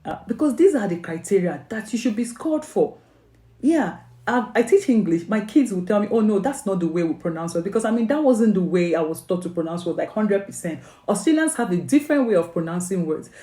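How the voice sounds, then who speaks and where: A woman's voice: medium pitch, lively intonation, fairly quick, dark tone, reverberant. A woman with a Nigerian accent giving earnest, coaxing exam advice as an English tutor, with many questions and "okay?" checks. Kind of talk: motivational exam advice video.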